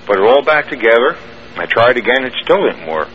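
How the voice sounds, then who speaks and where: A male guest caller, medium-pitched with big swings in pitch, talks fairly quickly through a long personal story. His telling is plain and meandering, with restarts, and the radio audio comes through muffled and faintly hissy.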